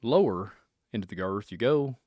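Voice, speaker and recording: A man's voice: on the low side, animated, moderate pace, a little mellow, no echo, studio quality. A man from Kentucky with a Kentucky accent, hosting a casual livestream podcast in a rambling, speculative, joking way. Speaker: podcast host.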